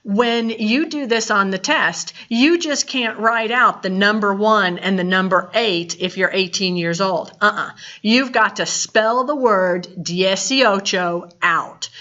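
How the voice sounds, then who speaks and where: A woman teaching a Spanish lesson, explaining slowly and deliberately with playful asides. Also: mid-range voice, sharp tone. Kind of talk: recorded classroom lesson. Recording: dull lo-fi recording.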